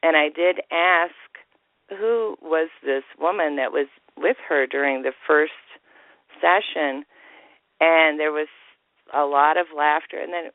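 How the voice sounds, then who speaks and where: Gravelly man on a tinny phone line. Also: a little high, slow pace, no room sound. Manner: storytelling, acts out quoted voices, frequent laughter. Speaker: caller. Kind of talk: phoned-in personal story. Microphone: telephone.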